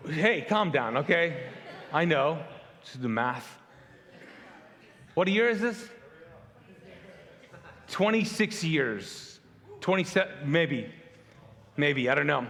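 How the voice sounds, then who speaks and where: A man's voice: on the high side, unhurried, vocal fry, pauses often, big-room sound. A middle-aged male pastor from Pakistan preaching a conversational sermon, telling stories with humor and acting out what people said. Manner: animated storyteller, acts out quotes, self-deprecating humor. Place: large church hall.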